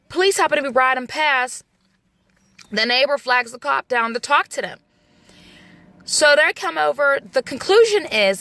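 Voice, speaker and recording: A mother vents straight into the camera, blunt and heavy with profanity and hard emphasis. Her voice sits high and sharp, and the recording is dry and close with no room sound. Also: no echo. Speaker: vlogger, mother.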